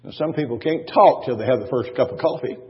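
Husky-voiced man preaching in a reverberant hall. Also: medium pitch, lively intonation, fast talker. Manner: emphatic preaching with repetition and rhetorical questions. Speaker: pastor. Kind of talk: sermon. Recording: dull, long church-hall reverb.

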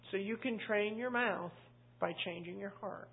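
A woman's voice: medium pitch, fairly even intonation, normal speed, gravelly, breathy edge. A woman teaching a church Bible class in a conversational, emphatic way, quoting scripture and addressing the room directly. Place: church room with a live group. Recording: tinny, lo-fi phone-like audio.

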